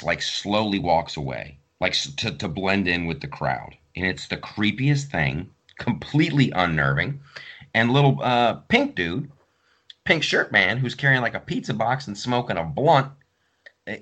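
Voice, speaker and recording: Lively low-voiced male podcast host. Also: normal speed. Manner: animated storytelling, acts out quotes. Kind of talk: casual podcast chat.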